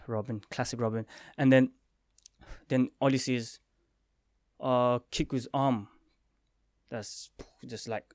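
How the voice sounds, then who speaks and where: A young man chats through a review of a comic chapter, mid-pitched and excitable, bursting into quoted lines and sound effects. His voice is dry and close, with no room around it. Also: slow pace, long pauses, dry recording. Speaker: manga review vlogger. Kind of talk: casual spoken review.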